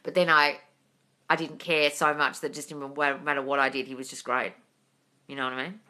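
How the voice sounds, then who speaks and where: Woman, host on a phone live stream, very bright tone, chatty, swears, calls everyone darling. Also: very deep voice, level tone, fairly quick. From England.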